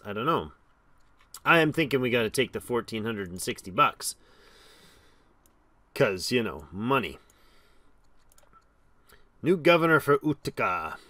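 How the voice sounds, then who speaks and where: A game streamer with a medium-pitched voice plays a strategy game while giving casual, chatty commentary. He reads the game's text aloud and reacts with animated exclamations.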